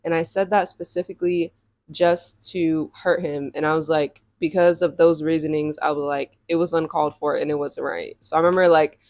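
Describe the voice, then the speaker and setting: A young woman telling a dating story in a casual storytime vlog, sassy and animated and laughing often. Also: low-pitched, normal speed, dry recording, clean studio sound.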